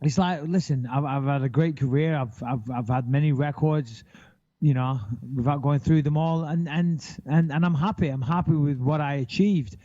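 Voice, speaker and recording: Man, thirties, blunt and sweary, slightly high voice, dull lo-fi sound. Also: moderate pace. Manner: blunt, swearing, animated storytelling. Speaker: podcast co-host, retired fighter. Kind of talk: casual chat.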